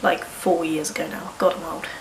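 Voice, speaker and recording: Here a low-voiced woman in her early 20s, stuffed up with a cold, talks candidly in a rambling vlog, dropping casual swear words. Her tone stays level at a moderate pace. The recording is poor, reverberant, and has slight background noise.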